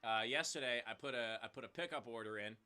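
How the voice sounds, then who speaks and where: A man's voice: mid-range voice, fast talker, pushed and bright, smooth. A man hosting a casual comedy show, joking around and acting out both sides of his stories. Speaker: host. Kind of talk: casual comedy chat and storytelling.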